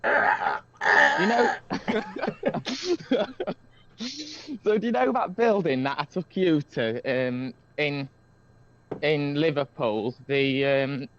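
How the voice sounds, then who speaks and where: A man's voice: a little high, very animated, drawn-out words, long pauses, a bit bright, lo-fi sound. Rambling man on a call. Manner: rambling, many fillers and restarts. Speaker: guest caller. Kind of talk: casual storytelling chat. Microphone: video call.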